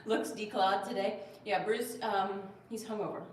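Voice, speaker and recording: A woman hosts a casual livestream, reading viewer comments aloud and cooing at her cat. Her mid-range voice is steady, at a moderate pace, with slight background noise. The room is very echoey, the mic distant, with faint ambience.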